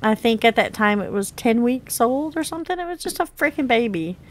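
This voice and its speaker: A woman's voice: fairly high pitch, expressive, a little fast. A woman hosting a gaming video, casually telling a personal story while she plays, laughing often and acting out the quotes with big jumps in her voice. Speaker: gaming channel host.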